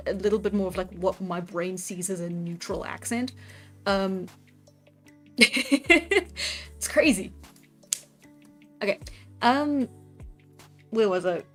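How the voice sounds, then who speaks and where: A woman live-streaming her art has a fairly low pitch with a fairly bright tone. She chats casually with her audience as she draws, often giggling and responding to chat, over faint background music.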